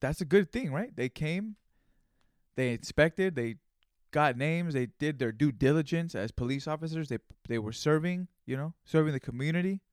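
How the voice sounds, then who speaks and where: A man's voice: on the high side, expressive, moderate pace, dry recording, studio quality. Man telling a story on a casual podcast. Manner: rambling, profane, conversational. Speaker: podcast host. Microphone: studio microphone.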